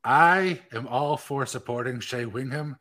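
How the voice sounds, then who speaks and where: Bright-voiced blunt male podcast co-host. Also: mid-range voice. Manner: blunt, brisk, joking. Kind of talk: casual chat.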